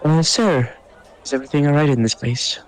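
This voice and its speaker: A man's voice: fairly high pitch, brisk, lightly acted, rough recording. A man voicing a polite, curious female adventurer in a tabletop game, speaking hesitantly with many fillers.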